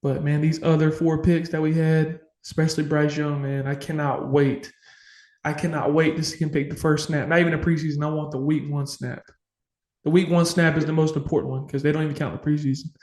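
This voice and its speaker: Man, podcast co-host, slightly high voice, emotional, passionate, swears a lot, echoey home room. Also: little pitch movement, brisk, darkish tone. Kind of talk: casual sports podcast chat. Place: home room full of memorabilia.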